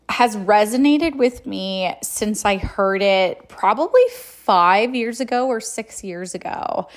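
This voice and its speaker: Woman, podcast host, casual storytelling, chatty, conversational, drawn-out delivery. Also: medium pitch.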